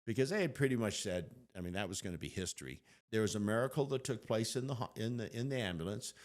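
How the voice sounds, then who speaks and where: Talking fast in a voice on the low side, an older interview guest animatedly recounts a personal story. He laughs frequently and performs other people's lines as he goes.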